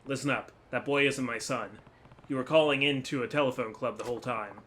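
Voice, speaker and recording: A man voicing a stoic, gruff tough guy who speaks low and dry. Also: brisk, fairly bright tone, slight background noise, natural voice. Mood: firm.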